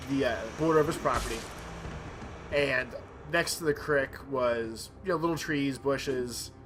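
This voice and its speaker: A young man hosting a let's play, telling a rambling childhood story in a casual way while playing. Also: medium pitch. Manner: rambling, animated anecdote with quoted voices. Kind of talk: casual storytelling over gameplay.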